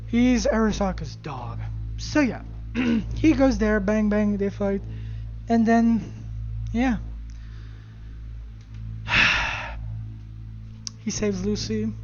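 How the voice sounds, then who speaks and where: A gaming video creator casually recapping a game story, animated and profane, throwing in spoken sound effects. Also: mid-range voice, drawn-out words, long pauses, lo-fi sound, faint music behind.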